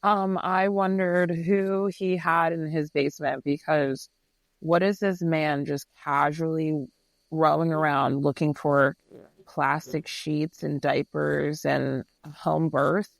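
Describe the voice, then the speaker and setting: Guy co-host, kinda high voice with lots of fry, animated, pitch jumps all over. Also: slow, dry recording. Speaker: podcast co-host. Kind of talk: casual reaction chat.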